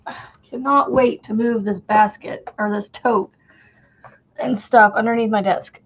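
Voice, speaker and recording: A woman's voice: on the high side, a little slow, dull audio. A woman hosting a crochet livestream, chatting casually, greeting viewers by name and counting stitches under her breath.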